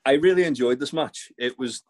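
A man's voice: medium pitch, fairly quick. A man, co-hosting a podcast, recapping wrestling in a rambling, sweary casual chat. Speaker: podcast co-host.

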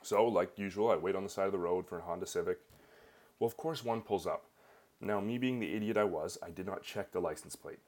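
Speaking fairly quickly in a low pitch, a young man with a Canadian accent shares a personal anecdote. His delivery is casual, meandering, animated and full of filler words.

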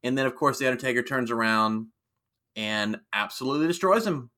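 Lively, bright-voiced man hosting a podcast. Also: medium pitch. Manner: animated, jokey, quick asides. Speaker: podcast co-host. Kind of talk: casual wrestling recap chat.

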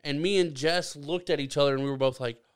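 A man's voice: a little high, fast, clear, resonant tone. A man hosting a podcast in casual, rambling chat, joking with his co-hosts and often restarting his sentences. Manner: rambling, self-correcting, joking. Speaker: podcast host.

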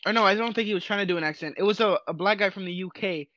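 A young man from the United States talks in a high, sharp-edged voice. He rambles and hedges constantly with "like". The sound is dry and close. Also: rapid-fire, dry recording, lo-fi sound. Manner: rambling, hedging with "like". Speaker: participant. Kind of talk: casual chat.

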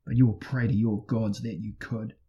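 A man voicing a ruthless sorcerer prince who hurls loud, menacing threats, in a husky voice. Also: medium pitch, fairly even intonation, normal speed, lo-fi sound, natural voice.

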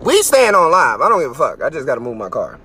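A man hosting a live stream, ranting in a profane, mocking way from his car and sometimes breaking into shouts. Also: fairly high pitch, wildly swooping pitch, fast, a little hiss or hum. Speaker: podcast host.

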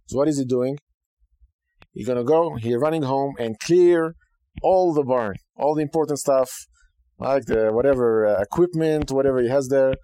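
At a moderate pace and a medium pitch, a podcast host casually teaches Judaism on a dry recording. The delivery is animated and conversational, broken up by frequent asides of "okay" and "right."

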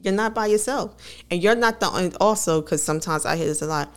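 A woman's voice: lowish voice, fast, clean tone. A woman co-hosting a podcast, talking candidly and laughing often as she tells personal stories. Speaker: podcast co-host. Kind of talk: casual conversational podcast.

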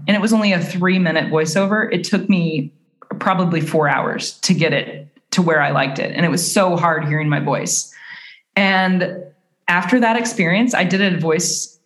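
A woman's voice: on the low side, fairly bright tone. A woman guest on a podcast, talking casually and thoughtfully, with hesitant restarts and fillers. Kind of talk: casual chat. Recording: echoey room.

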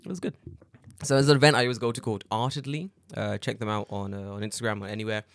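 A man co-hosts a podcast, telling stories in casual chat with animation, laughing often and acting out what people said. His fairly low voice comes fast with vocal fry. The recording is dry and studio quality.

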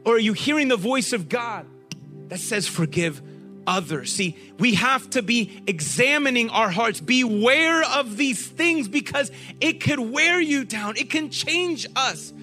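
A man preaching a sermon to a group, animated and often asking them questions. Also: very high voice, measured pace, few pauses, faint music behind.

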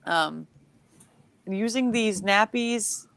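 A woman's voice: mid-range voice, extremely slow, vocal fry, no room sound. A woman with a mid-range voice chatting casually on a podcast, giggling, rambling and wandering off topic as she tells her stories. She is heard on a close, dry studio mic. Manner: giggly, rambling, animated storytelling. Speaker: comedian guest.

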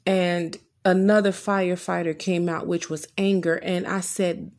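A woman speaking in a candid, heartfelt storytelling way, her voice carrying a gravelly vocal fry. She retells back-and-forth conversations in plain words and often stumbles and restarts mid-sentence. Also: on the low side, level tone, a little slow, few pauses, a little mellow. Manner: earnest and emotional, retells dialogue with frequent restarts. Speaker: person sharing a personal therapy story.

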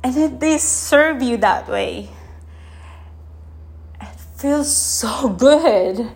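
Slow-talking woman with a higher voice. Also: animated. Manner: slow, soft, emotional, with pauses and laughs. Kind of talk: casual reflective monologue.

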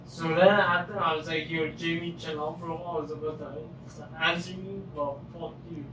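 A man's voice: on the high side, fairly even intonation, normal speed. A man who is a regular on a podcast, telling his side of a story in a blunt way and swearing often. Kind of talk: casual chat. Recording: echoey room with clear noise, far mic.

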